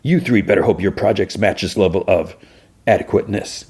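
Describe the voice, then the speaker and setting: A man's voice: fairly low pitch, a little fast, darkish tone, breathy edge. A man voicing a grumpy older professor giving grudging, sarcastic praise. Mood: sneering. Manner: sarcastic and condescending.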